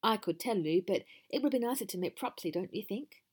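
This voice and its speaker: A woman voicing a brisk, sociable mother goat who over-explains and apologises. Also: mid-range voice, lively intonation, a little mellow, breathy edge. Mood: chatty.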